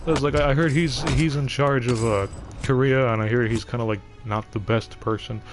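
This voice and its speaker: A man's voice: medium pitch, fairly even intonation, moderate pace, over music. A young man streaming live, chatting casually in a rambling way with lots of fillers and restarts. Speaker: game streamer.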